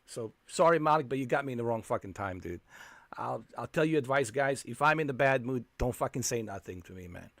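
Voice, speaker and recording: A man's voice: medium pitch, expressive, a little fast, creaky, a bit bright, no echo. Male streamer, angry ranting, heavy swearing, dry close sound. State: fuming. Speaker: game streamer. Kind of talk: live stream commentary.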